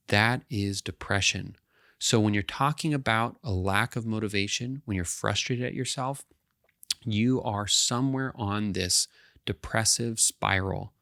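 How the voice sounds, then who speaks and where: A man's voice: fairly low pitch, creaky, fairly bright tone, no echo, clean studio sound. A male counselor giving an educational talk to camera, explaining step by step and often checking in with the listener.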